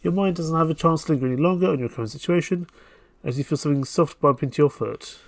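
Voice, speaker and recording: A man's voice: a little high, quick pace, vocal fry, no echo. A man playing a dating game on stream, reading its narration aloud and dropping playful, jokey asides.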